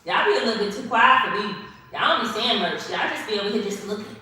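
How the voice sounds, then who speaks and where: A woman's voice: mid-range voice, lively intonation, quick pace, bright, forceful tone, recorded from a distance. A woman hosting a casual stretching livestream, chatty and sassy, talking straight to her viewers and a little winded from the effort. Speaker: livestream host doing a stretching session. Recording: very echoey room, voice off-mic.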